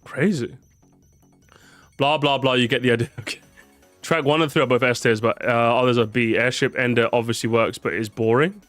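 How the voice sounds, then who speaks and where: A man's voice: medium pitch, fairly even intonation, normal speed, a bit bright, no room sound, faint music behind. A tired man chatting casually on a live stream, repeating words, swearing and reacting to his chat.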